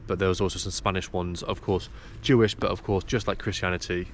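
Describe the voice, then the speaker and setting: A man's voice: low voice, steady tone, brisk, a little hiss or hum. A young man talking casually to camera as a travel vlogger, rambling as he walks around a city. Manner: rambling, chatty, loose filler-heavy talk. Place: outdoors walking a city.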